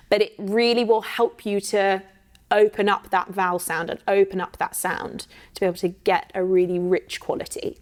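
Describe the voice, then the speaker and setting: A woman, teaching an online singing workshop in an encouraging way and checking in often with "okay?". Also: medium pitch. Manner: counts in and sings demo phrases.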